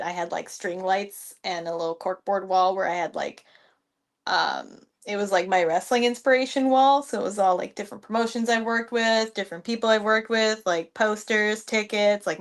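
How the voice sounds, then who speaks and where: A woman who wrestles, guesting on a podcast and telling stories in an animated way, full of "like". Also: medium pitch, normal speed. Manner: animated storytelling, heavy use of "like". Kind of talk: casual podcast chat.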